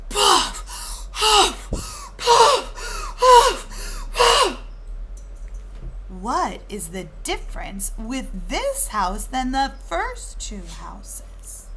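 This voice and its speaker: Woman, teacher reading aloud to children, expressive storybook voice, very slow, high and bright. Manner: expressive, asking the listeners questions.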